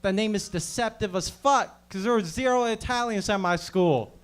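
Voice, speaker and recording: A man's voice: high-pitched, normal speed, smooth. A male stand-up comedian on a club stage with a swaggering, slangy, profane delivery.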